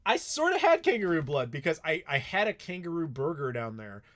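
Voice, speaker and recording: Rambling guy, slightly high voice. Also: big pitch swings, brisk, fairly bright tone. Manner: rambling, swears freely, many "like" fillers. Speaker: streamer answering chat questions. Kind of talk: casual live Q&A chat.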